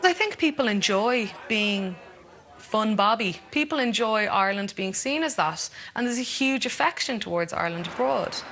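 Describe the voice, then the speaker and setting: A woman's voice: medium pitch, animated, moderate pace, a bit bright. A woman interviewed for a documentary, speaking thoughtfully and articulately.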